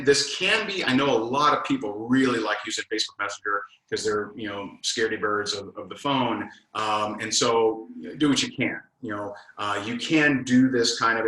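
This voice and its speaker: A man coaching network marketers in a casual talk, animated and acting out both sides of sales conversations. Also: on the low side, roomy sound, rough recording.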